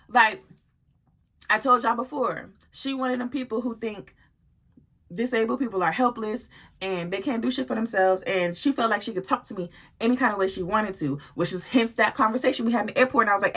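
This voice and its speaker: A woman telling a story to her viewers in a casual, animated way, full of slang and swearing. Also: on the high side, fairly quick.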